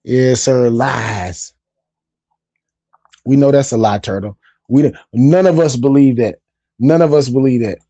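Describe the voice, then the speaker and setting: A man's voice: medium pitch, normal speed, warm tone, no echo, highs cut off. A man hosting a casual hobby live stream, chatting in a laid-back, talkative way and often repeating his phrases. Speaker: livestream host.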